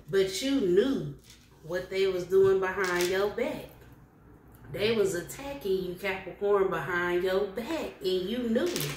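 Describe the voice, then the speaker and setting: A woman reading tarot cards for her viewers in a blunt, slangy, animated way. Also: fairly low pitch. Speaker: tarot reader. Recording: echoey room with faint noise.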